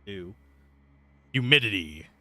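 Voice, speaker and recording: Bright, lively man chatting while gaming. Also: on the low side, takes it slowly. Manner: rambling, chatty, swears when annoyed. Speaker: livestreamer playing a video game. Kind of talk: casual gameplay commentary. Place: home computer desk. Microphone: close mic with earbuds at a PC.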